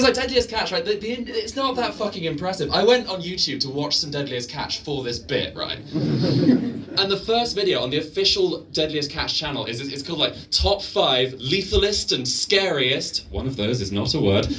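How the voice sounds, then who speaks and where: Man, stand-up comedy, sweary rambling delivery, fairly high voice, heard from a distance, noisy room. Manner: sweary, rambling, laughing at own jokes. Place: live venue stage.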